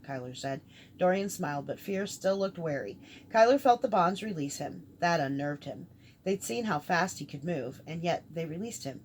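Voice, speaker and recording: A woman's voice: low voice, expressive, moderate pace, a little mellow, a little hiss or hum. Woman reading a fantasy novel aloud. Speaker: audiobook reader. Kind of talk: scripted narration.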